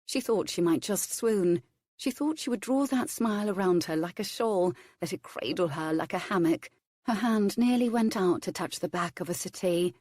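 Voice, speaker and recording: A woman reading romance narration in an audiobook, measured and even. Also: fairly low pitch, no room sound, studio quality.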